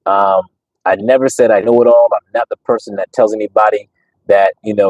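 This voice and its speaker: Emphatic low-voiced man breeder. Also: fairly quick, darkish tone, dry recording, lo-fi sound. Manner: emphatic, preachy, repeats himself with many fillers. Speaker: dog breeder and channel host. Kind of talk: casual livestream talk to viewers.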